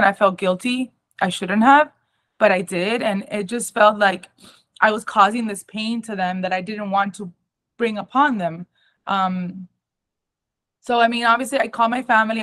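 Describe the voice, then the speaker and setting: A young adult woman giving a personal testimony at an awareness talk, emotional and halting, with many ums and restarts. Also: medium pitch, fairly bright tone.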